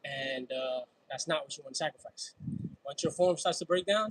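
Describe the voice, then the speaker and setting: Casting: slangy New York man in his thirties, husky, a bit higher-pitched, loose livestream banter. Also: expressive, brisk, low-quality recording. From Brooklyn, New York. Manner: slangy, laughing, chatty between sets. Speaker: fitness livestream host. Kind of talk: casual livestream chat while working out.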